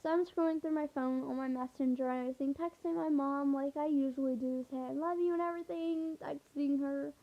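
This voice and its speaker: A vlogger tells a rambling storytime in a high voice, a little fast with few pauses and fairly even intonation, swearing often and leaning on "I'm like." The audio sounds tinny, like a phone.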